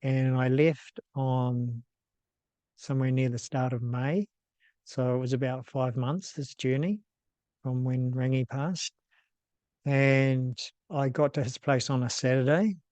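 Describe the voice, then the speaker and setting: A man in his fifties with a New Zealand accent, hosting and telling a personal story in a casual, unhurried way, with frequent ums and restarts. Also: medium pitch, steady tone, a little mellow, dry recording. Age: 50s. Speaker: host.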